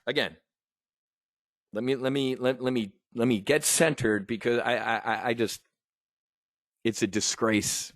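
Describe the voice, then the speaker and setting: A middle-aged American man in a heated rant, his voice sitting at an ordinary pitch as he swears and trips over his own restarts. The sound is dry and close, with no room around it. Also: steady tone, unhurried, long pauses, no echo. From United States. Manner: angry, emotional, stammering restarts, swearing. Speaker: trading educator. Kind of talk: impassioned rant to viewers.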